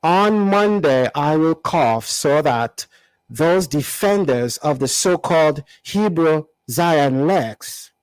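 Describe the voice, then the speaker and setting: A slow, drawn-out mocking voice of a grown man, dropped lower than the speaker's usual high tone, as a man puts on an exaggerated accent. It sounds dry and close, with each word stretched out for effect. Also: animated, clear, resonant tone, dry recording, poor audio. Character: mocking impression of an adult male critic.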